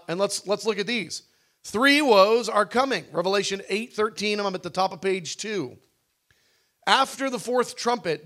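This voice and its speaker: A man teaching a Bible study session in a conversational way, acting out cries with sudden loud shouts. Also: sits high. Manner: conversational with fillers and restarts.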